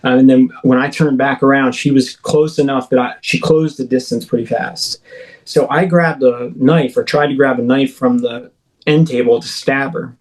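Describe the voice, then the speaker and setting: Podcast guest, male, mid-pitched, casual rambling storyteller who keeps restarting his sentences. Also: steady tone, normal speed, rough recording. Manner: rambling, full of "like" and "you know". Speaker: podcast guest recounting alien encounters. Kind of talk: casual first-person storytelling.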